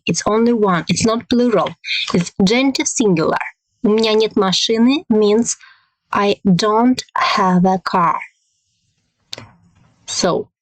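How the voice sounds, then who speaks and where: Slow, hesitant woman teacher. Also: mid-range voice, dry recording, low-quality recording. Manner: slow, hesitant, many fillers, models phrases carefully. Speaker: language teacher. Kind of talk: language lesson.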